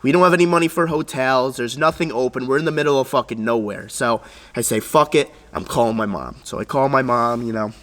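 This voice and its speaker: A young man vlogging, telling a story in a casual, animated, profane way and acting out the voices of others. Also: medium pitch, brisk, long reverb tail.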